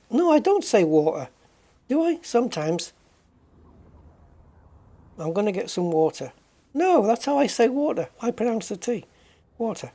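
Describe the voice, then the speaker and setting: A British man chats casually on his game livestream with a warm, mellow tone. He rambles and muses, greeting viewers by name and often correcting himself mid-thought. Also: high-pitched. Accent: British English. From United Kingdom.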